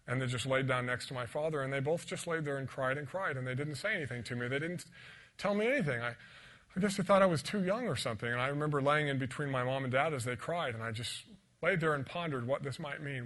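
A man delivers a sermon as a personal testimony, with a bright, forceful edge to his voice. He tells his story dramatically, sinking to hushed whispers and then building to loud, emphatic peaks. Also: mid-range voice, fast. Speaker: preacher.

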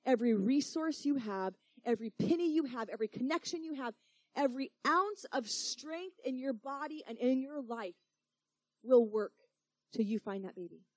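A woman's voice: sits high, lively intonation, moderate pace, darkish tone, no room sound. A young woman preaching through a personal story, talking in a casual, emotional way full of "like" and "you know". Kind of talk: sermon storytelling.

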